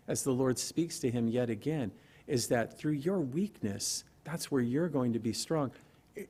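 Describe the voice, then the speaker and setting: A man's voice: mid-range voice, darkish tone, breathy edge. Conversational male pastor preaching. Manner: conversational, asks rhetorical questions, laughs lightly. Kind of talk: verse-by-verse sermon. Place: church service.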